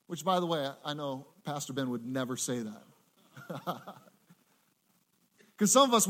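Man preaching, high voice, animated, acts out quotes, church sermon. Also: moderate pace, pauses often. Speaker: pastor.

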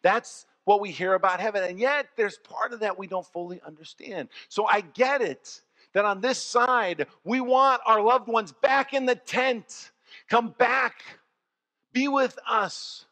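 A pastor preaching a sermon, telling stories in an animated way and swinging from soft, low passages to loud ones. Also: male voice, measured pace. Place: church. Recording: long church reverb.

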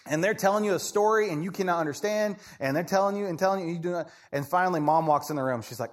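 A man preaching a sermon in a conversational, animated way, often asking "right?" and acting out voices. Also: high voice, quick pace, hardly any pauses. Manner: acts out people in quoted voices. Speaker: pastor.

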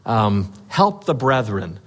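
A man's voice: lowish voice, big pitch swings, slow. Earnest male pastor, conversational sermon. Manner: conversational, storytelling, with fillers and earnest urging.

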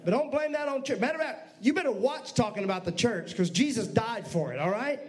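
A man preaching a sermon as pastor, lively, with asides to the congregation. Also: extremely high pitch, fairly quick.

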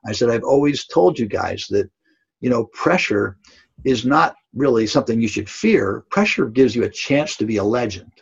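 Older male coach, gravelly and husky, earnest storyteller, lo-fi audio. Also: mid-range voice, animated, normal speed. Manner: earnest, emphatic, tag questions like "right?". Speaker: basketball coach. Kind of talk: storytelling in a podcast interview. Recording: dull lo-fi audio.

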